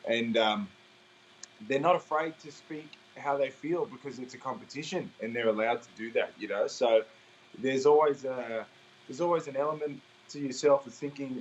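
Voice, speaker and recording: A man's voice: medium pitch, normal speed, a little hiss or hum. A young Australian man, an interview guest, talking in an upbeat, chatty way and laughing easily. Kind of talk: casual interview chat. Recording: slightly dull recording, faint ambience.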